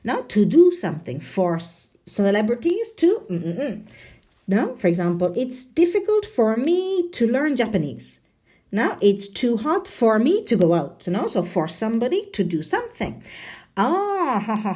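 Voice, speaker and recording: Woman teacher, animated grammar lesson, tag questions throughout, voice rising and falling widely. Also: fairly high pitch, a little slow. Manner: lively and chatty, checking in with frequent "no?" tags. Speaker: English teacher.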